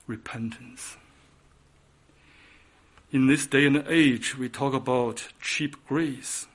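A male preacher delivers a sermon in an unhurried, measured cadence. His voice sits a little high for a man. He surges to loud, emphatic peaks and then drops to hushed, quiet lines.

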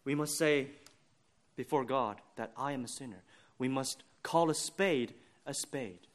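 Earnest male preacher giving a sermon. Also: mid-range voice. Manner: earnest, deliberate preaching with rising emphasis.

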